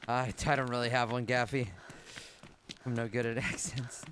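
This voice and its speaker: A man streaming a game live, thinking out loud and swearing casually as he plays. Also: mid-range voice, level tone, moderate pace, a little hiss or hum. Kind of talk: live gameplay commentary.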